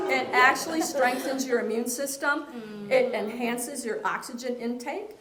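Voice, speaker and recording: A woman's voice: high-pitched, moderate pace, a loud crowd. A woman fitness instructor speaking playfully at a seminar, laughing often and leading the room. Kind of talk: lively seminar talk. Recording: roomy hall with audience.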